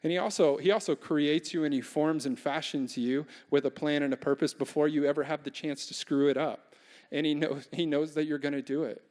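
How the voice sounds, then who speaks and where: A man's voice: fairly high pitch, steady tone, fairly quick, darkish tone. A young adult man preaching a casual, humorous sermon as a pastor, often asking the congregation questions. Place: large church hall. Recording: long church reverb.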